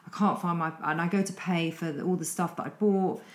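A woman's voice: lowish voice, brisk, reverberant. A middle-aged British woman, a coach, telling a long story in a rambling, self-deprecating way. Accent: British English. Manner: rambling, breathless retelling with self-deprecating asides. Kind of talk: casual storytelling monologue.

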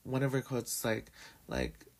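A young man with a raspy morning voice, telling a story in a casual, chatty way full of "like" and "um". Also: mid-range voice, sing-song, normal speed. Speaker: podcast host.

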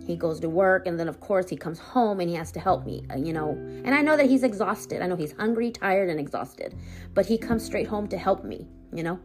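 Halting woman over soft guitar music. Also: fairly low pitch, animated. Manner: halting, many fillers and restarts. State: near tears, voice rising and breaking. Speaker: podcast host and family caregiver. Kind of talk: personal monologue podcast.

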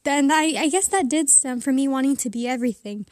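Breathy-sounding chatty teen girl, high voice. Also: quick pace, a little mellow, no echo, studio quality. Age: teens. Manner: chatty, rambling, giggly asides. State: slightly out of breath. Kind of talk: casual rambling monologue. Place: under a blanket.

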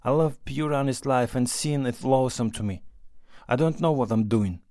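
A man's voice: mid-range voice, moderate pace, mellow, no room sound, clean studio sound, close to an everyday voice. A man reading the part of a young, unhappy married woman in an audiobook, with a pleading, self-reproaching delivery.

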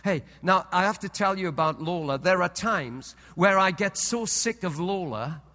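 A male pastor preaching a sermon in a storytelling way, often repeating words and dropping soft and low for solemn points. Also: expressive, moderate pace, big-room sound. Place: church hall.

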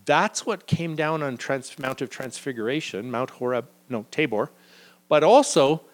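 Man, slightly high voice, Bible teacher, live group, lively, acts out quotes. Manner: lively, acts out quoted figures with sudden pitch jumps.

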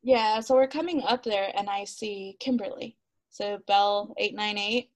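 A woman's voice: mid-range voice, normal speed, no room sound, rough recording. A woman, a guest on an interview podcast, telling her story casually with frequent laughs and acted-out quotes. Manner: animated, laughs often, acts out quotes, many "like" fillers.

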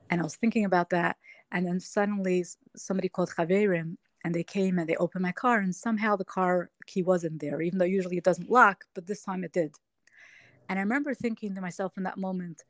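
A woman's voice: lowish voice, fairly even intonation, fast talker, dry recording. This is a woman guest on a podcast, telling her own story. She speaks in a reflective, emotional way. The recording is dry and close, with no room sound. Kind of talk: personal storytelling interview.

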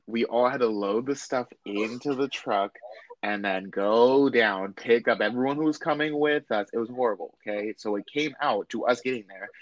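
Young guy ranting about a trip to his friends, mid-pitch voice, lots of voices for people. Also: moderate pace, dry recording, highs cut off. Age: young adult. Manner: animated, acts out quoted voices. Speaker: friend in group chat. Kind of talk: casual storytelling among friends.

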